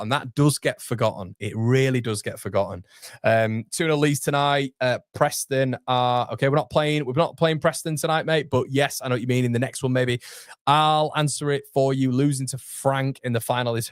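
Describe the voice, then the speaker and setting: A man's voice: medium pitch, dry recording, clean studio sound. A young man, hosting a casual livestream and chatting through viewer comments with self-deprecating asides. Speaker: host. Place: home streaming studio.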